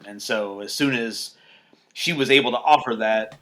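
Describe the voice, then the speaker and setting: A man's voice: medium pitch, normal speed, sharp tone. Rambling male podcast co-host. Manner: rambling, many fillers and restarts. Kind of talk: casual chat.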